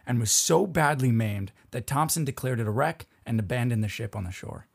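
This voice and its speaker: A man's voice: medium pitch, expressive, fairly quick, vocal fry, husky. A man hosting a casual podcast, telling a history story and laughing often as he goes. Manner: laughs often while narrating.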